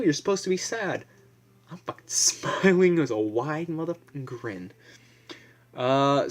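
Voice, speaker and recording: A young man vlogging in a casual, blunt, profane ramble, full of fillers and restarts. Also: medium pitch.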